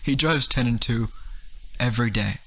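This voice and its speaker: A man's voice: medium pitch, moderate pace, creaky, sharp tone, poor audio. Young man with dry, joking banter. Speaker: podcast co-host. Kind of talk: casual chat.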